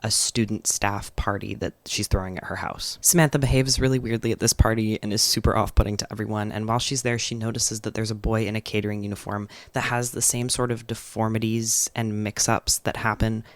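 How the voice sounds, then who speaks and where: A man's voice: fairly low pitch, little pitch movement, a little fast, few pauses, dry recording. Chatty man summarizing a novel. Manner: chatty, frequent "like" fillers, enthusiastic. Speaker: book vlogger. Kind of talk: casual book summary and review.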